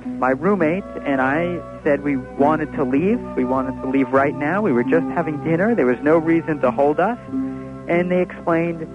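Man calmly recounting a frightening ordeal. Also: on the high side, moderate pace, narrow, tinny audio, music in the background. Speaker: witness recounting a police raid. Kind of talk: spoken testimony.

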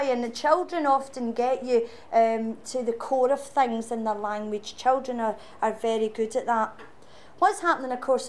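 A woman's voice: a little high, a little hiss or hum. A Scottish woman giving an impassioned public speech, rousing and sarcastic by turns. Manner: rousing, sarcastic rhetorical speaking. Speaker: political speaker.

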